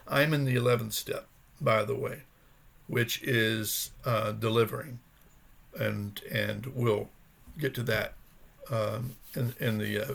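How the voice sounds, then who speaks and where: Earnest rambling man with a gravelly voice. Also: medium pitch, fairly bright tone. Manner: earnest, rambling, searching for words. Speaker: vlogger sharing his recovery journey. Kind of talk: casual personal vlog talk.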